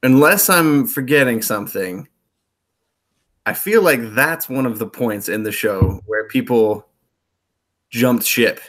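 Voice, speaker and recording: A man's voice: medium pitch, expressive, takes it slowly, long pauses, fairly bright tone. A man as a guest in a casual TV recap chat, laid-back with dry humor. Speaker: guest co-host.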